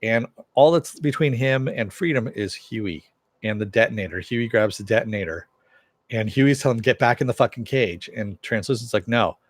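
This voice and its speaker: A man's voice: mid-range voice, moderate pace, no room sound. A man casually recapping a TV episode, loosely retelling the dialogue with many "uh" fillers. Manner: loose storytelling, paraphrases dialogue with "he goes"; frequent "uh" fillers. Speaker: TV show reviewer.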